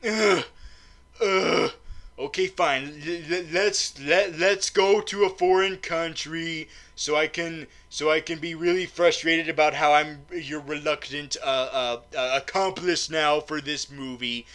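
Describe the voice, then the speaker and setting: Sulky young woman, grudging and stammering, high and bright, done by a man, for a comic recap. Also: measured pace.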